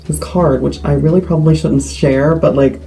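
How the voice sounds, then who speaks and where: A man's voice: fairly high pitch, moderate pace, creaky, faint music behind, rough recording. Rambling teen guy telling a story. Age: teens. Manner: rambling with many likes, animated retelling. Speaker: vlogger. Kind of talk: storytelling to camera.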